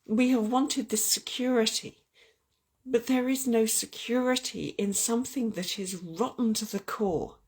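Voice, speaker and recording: A woman's voice: fairly high pitch, measured pace, a little mellow, slightly rough. A woman hosting an earnest, heartfelt spiritual chat about love and oracle cards, often restarting her sentences. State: getting weepy. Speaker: spiritual channel host.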